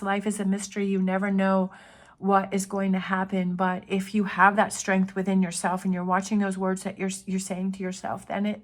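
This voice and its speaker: A woman tarot reader giving an earnest, encouraging spiritual pep talk, often repeating her phrases. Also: mid-range voice.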